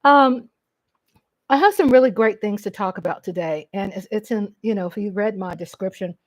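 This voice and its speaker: A woman's voice: medium pitch, expressive, a little fast, warm tone, no echo. A middle-aged woman from Texas with a Texan accent, chatting casually with viewers on a live stream at home and greeting them by name.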